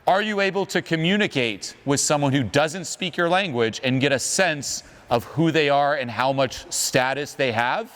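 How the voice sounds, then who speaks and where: A man's voice: a little high, normal speed, hardly any pauses, a bit bright. A man coaching on social skills in an emphatic motivational talk, asking the audience questions.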